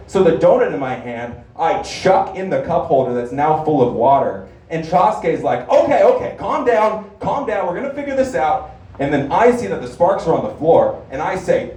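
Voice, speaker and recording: A man's voice: fairly high pitch, a little mellow. A young man telling a crude, rambling stand-up story on a comedy club stage. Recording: roomy club, distant mic.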